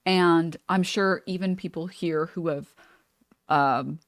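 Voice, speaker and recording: A woman's voice: lowish voice, fairly even intonation, takes it slowly, no room sound, studio quality. A woman streamer chatting casually while reacting to a video, rambling with many fillers and restarts. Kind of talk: casual live-stream chat.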